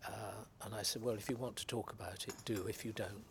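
An older man from England's West Country, an actor guest reminiscing in unhurried anecdotes about his career. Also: lowish voice, steady tone, gravelly, slight background noise. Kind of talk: reminiscing interview.

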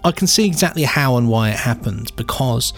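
A man's voice: medium pitch, lively intonation, fairly quick, faint music behind. A man co-hosting a podcast in casual chat, telling stories in an enthusiastic, rambling way full of fillers. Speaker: podcast co-host.

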